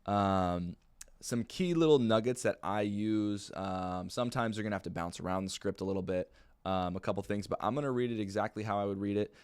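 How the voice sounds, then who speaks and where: A man's voice: fairly low pitch, brisk, a little mellow, clean tone. A young man teaching sales calls in a casual, plain-spoken way, with lots of fillers. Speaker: insurance sales trainer. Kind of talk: casual training talk.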